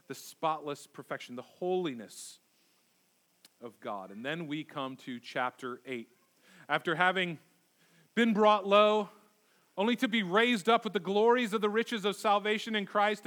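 Male pastor, high voice, emphatic sermon delivery from the pulpit. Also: a bit bright. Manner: emphatic, repeats key words for stress. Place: church sanctuary.

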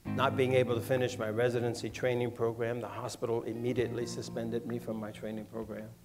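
An older man from Washington, D.C., recalling his past in a measured, reflective way. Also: medium pitch, level tone. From Washington, D.C., USA. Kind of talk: personal recollection.

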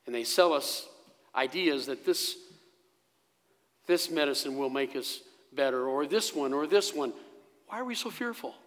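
Slow, lively-voiced pastor in an echoing church. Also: male voice, on the high side. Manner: slow, dramatic storytelling with sudden hushed drops. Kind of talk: sermon. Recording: long echo of a church hall.

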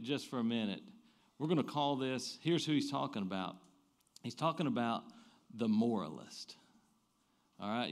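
A man, preaching a sermon. He swings between loud emphatic bursts and quiet low asides, and often restarts his phrases. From American South. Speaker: pastor.

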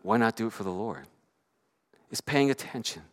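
A middle-aged man preaching a sermon, telling stories in an animated way and swinging from loud to hushed. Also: lowish voice, moderate pace. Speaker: pastor.

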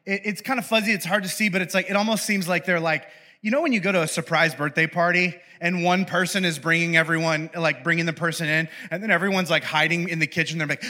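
A man's voice: sits high, fast talker, sharp tone. A young adult man giving a casual, humorous sermon as pastor. He is chatty and playful and often interrupts himself.

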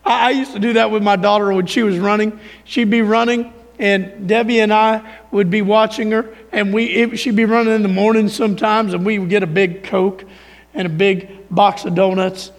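A man preaching a sermon as a pastor, rising to emphatic points and dropping to quiet, low asides. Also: level tone, normal speed, long reverb tail. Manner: preaching with swings from raised emphasis to quiet near-murmur.

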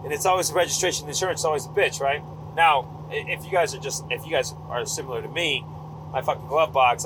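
A man's voice: a little high, fairly quick. A man telling a rambling story in casual, profane talk while he drives, often correcting himself. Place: inside a moving car. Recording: car interior with road noise. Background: engine and road noise.

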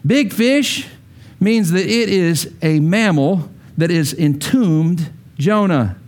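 A man preaching with a high, lively voice that swoops up and down. He tells stories in an animated way and gives voices to the people in them. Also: slow. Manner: animated storytelling with acted quotes. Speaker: pastor. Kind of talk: sermon.

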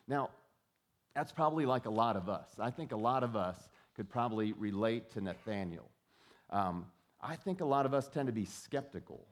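A man's voice: lowish voice, expressive, moderate pace. A man preaching a sermon in a conversational way, often repeating words as he starts a thought and acting out quoted voices. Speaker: pastor.

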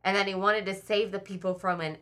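Woman, podcast host, bright voice; true-crime chat, reads from notes, chatty asides. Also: medium pitch, fairly even intonation, brisk.

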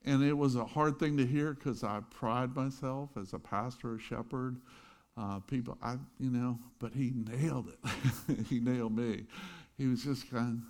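A middle-aged pastor telling a lively story in his sermon, with chuckling asides. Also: medium pitch, measured pace.

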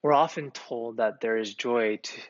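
A man's voice: mid-range voice, normal speed, no room sound. A male pastor delivering a sermon in an earnest, conversational way, with occasional fillers. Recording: slightly muffled, dry recording.

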